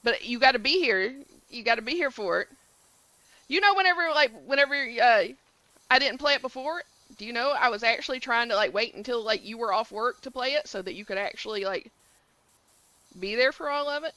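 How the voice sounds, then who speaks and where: Bright, lively Southern woman streamer. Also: fairly high pitch, fairly quick, dry recording, low-quality recording. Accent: Southern US (Georgia). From Georgia, USA. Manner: upbeat, greets chat by name. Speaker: game streamer. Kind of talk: casual live-stream chat.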